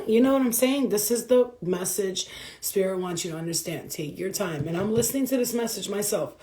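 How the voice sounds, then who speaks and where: Woman spiritual reader, casual and profane, given to laughter. Mellow voice, echoey room. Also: mid-range voice. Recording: roomy echo.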